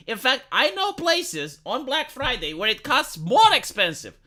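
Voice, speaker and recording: A very bright, sharp voice that swings widely in pitch. This live streamer rants in a profane, rambling way and often breaks into laughter at their own points. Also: huge pitch swings, unhurried. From lives in Romania. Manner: profane, heated, rambling rant. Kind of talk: ranting live-stream commentary.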